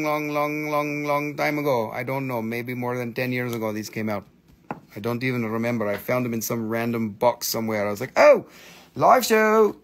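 A man hosting a live crystal sale, chatty and excitable, with crude jokes and non-native phrasing. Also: mid-range voice, vocal fry. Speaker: live-stream crystal seller. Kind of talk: casual live sales chat.

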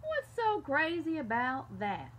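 A woman voicing a smug, unimpressed talking cat in a folk tale, asking slow, sly questions. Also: high voice, wildly swooping pitch, a bit bright, slight background noise, pitched above the performer's own voice, full character voice.

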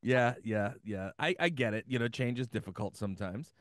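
A man co-hosting a podcast in casual chat, talking haltingly with many restarts and laughing often. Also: mid-range voice, a bit bright, no room sound, studio quality. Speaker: podcast co-host.

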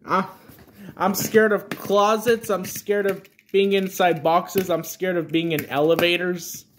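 A man's voice: high-pitched, flat delivery, unhurried, a little hiss or hum. Man playing a nervous stammering son. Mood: fearful. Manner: anxious, stammering restarts. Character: scared young son, afraid of small spaces.

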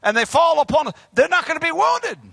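A middle-aged man, preaching a fiery sermon as pastor, joking and then shouting his exhortations. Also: very high-pitched, very animated, a little fast, creaky, no echo.

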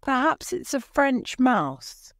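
A woman's voice: sits high, sing-song, slow, vocal fry, dry recording, clean studio sound, voice pushed up, full character voice. A woman reading as a polite curious young girl. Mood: wondering. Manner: polite, wondering.

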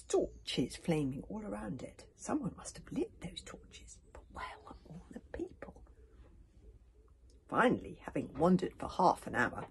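A woman reading a children's adventure story aloud, often dropping to a hushed whisper for suspense. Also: deep voice, low-quality recording. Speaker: audiobook narrator. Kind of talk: storybook read-aloud narration.

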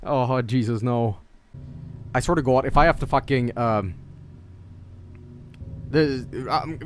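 A man streaming a horror game, reacting with excitable, profane commentary and frequent laughter. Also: mid-range voice, takes it slowly, long pauses.

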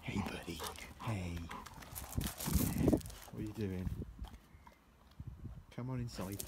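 A man's voice: lowish voice, slow, long pauses, very noisy. A young man vlogging casually at home, rambling and mocking himself, with lots of fillers. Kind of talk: casual vlog chat. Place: at home, indoors and out. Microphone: handheld camera at arm's length.

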